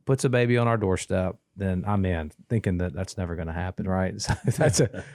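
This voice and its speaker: A man, his voice sitting a little low, tells a winding story with many restarts and quoted exchanges. It is casual podcast talk, recorded close and dry with no room sound. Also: brisk, darkish tone, no room sound. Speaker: guest telling a family story.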